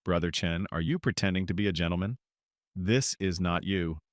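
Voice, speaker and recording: A man's voice: sits low, moderate pace, dry recording, clean studio sound, lightly acted. A man voicing a young male soldier who teases his friend mockingly. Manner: mocking, teasing.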